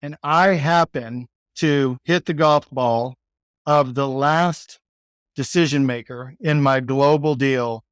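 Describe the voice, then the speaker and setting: A man's voice: medium pitch, smooth, dry recording, clean studio sound. A man with a Texan accent, a podcast guest telling a story in a loose, rambling way full of "like" and "you know". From Texas, United States. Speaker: podcast guest, sales executive. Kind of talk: casual storytelling interview.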